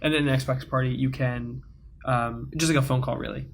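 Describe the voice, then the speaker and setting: A man's voice: mid-range voice, steady tone, normal speed, creaky, a little hiss or hum. A teenage man co-hosting a podcast, telling a story in a rambling way with many fillers. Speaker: podcast co-host. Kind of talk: casual storytelling chat.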